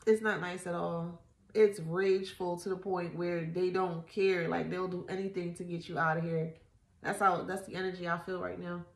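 A woman's voice: lowish voice, flat delivery, normal speed, vocal fry. A woman giving a casual tarot reading, blunt and profane, mocking and laughing often. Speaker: tarot reader. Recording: echoey room.

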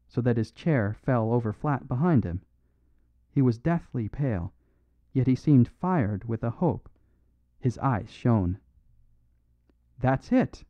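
A man reading a mystery audiobook in an even, measured way. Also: medium pitch, no echo. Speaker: audiobook narrator. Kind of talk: scripted audiobook narration. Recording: dry phone-like narrow sound.

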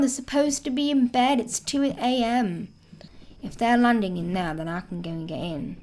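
A woman hosting a gaming video, chatting excitedly and thinking aloud as she plays. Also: medium pitch, moderate pace. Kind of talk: casual let's-play commentary.

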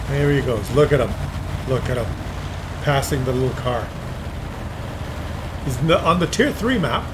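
A man commentating tank game replays, excitable and cheering players on, with loud game sounds underneath. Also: mid-range voice, background noise. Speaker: gameplay commentator. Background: tank engines and gunfire from the game.

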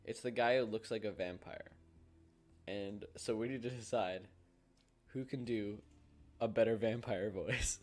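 A man's voice: lowish voice, a little slow, long pauses. A young man hosting a let's play, reading a dating game's text aloud in a casual way and laughing often. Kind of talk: casual gameplay commentary.

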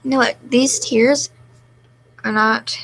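A young woman streaming live, reading chat comments aloud and answering in a deadpan, self-mocking way. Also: fairly high pitch, slow, creaky, rough recording.

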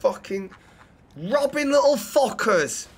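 Sweary streamer, high-pitched voice. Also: male voice, big pitch swings, husky. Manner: swears constantly, thanks viewers in quick bursts. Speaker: livestreamer. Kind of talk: live gameplay commentary and role-play.

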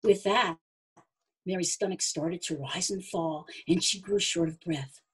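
Husky woman reading a storybook. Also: on the low side, a little slow, rough recording. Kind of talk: read-aloud children's story.

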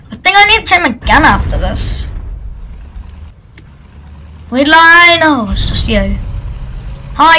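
A woman's voice: fairly high pitch, bright, forceful tone, slight background noise, poor audio. A woman giving casual, jokey commentary while playing a video game, chatting and shrieking at events in the game. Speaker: gaming video creator. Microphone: computer microphone.

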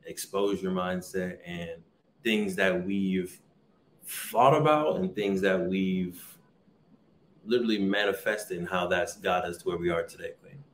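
Recording indoors at a vacation rental overseas, this man hosts a laid-back podcast in a low voice at a measured pace. The room is echoey with a little hiss or hum, and his delivery is upbeat and hype-driven, leaning heavily on recurring catchphrases.

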